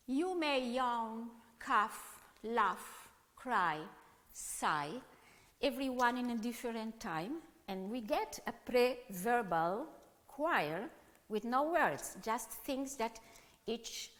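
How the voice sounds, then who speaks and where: A woman music educator giving a conference talk, with halting, non-native phrasing, often turning to question her audience. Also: on the high side, a bit bright. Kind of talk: conference presentation. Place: conference hall. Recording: long hall reverb.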